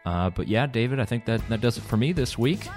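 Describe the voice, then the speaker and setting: Faint music plays behind a man whose mid-range voice is animated, a little fast, and slightly mellow. He's a podcast co-host in Vienna, Austria, chatting casually with plenty of fillers, restarts, and laughter.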